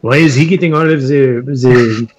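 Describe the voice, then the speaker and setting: A man's voice: mid-range voice, normal speed, dull audio, slight background noise, close to an everyday voice. A man voicing Pete, a boastful, swaggering cowboy who sprinkles French words into his talk during a tabletop role-play.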